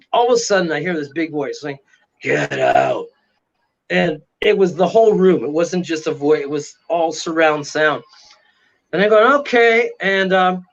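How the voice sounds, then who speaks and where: A man telling a dramatic story in an animated way during a casual interview, often asking "right?". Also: sits high, lo-fi sound. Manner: excitable, dramatic retelling with frequent "right?". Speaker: paranormal investigator guest.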